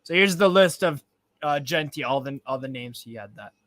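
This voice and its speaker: A man's voice: mid-range voice, animated, normal speed, a bit bright, dry recording. A young man hosting a live football watchalong, chatting casually and rambling with frequent swearing. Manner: rambling, swears freely, reads out chat. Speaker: football fan livestream host.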